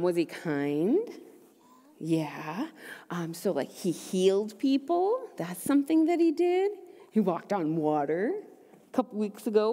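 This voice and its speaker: Woman, young adult, children's ministry leader, upbeat, gentle questions, sing-song pitch, long church reverb. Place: church sanctuary.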